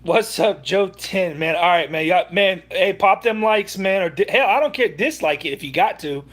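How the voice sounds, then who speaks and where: High-voiced man ranting heatedly. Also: animated, moderate pace, fairly bright tone. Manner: heated, profane, rambling with restarts. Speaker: livestream host. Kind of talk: sports rant livestream.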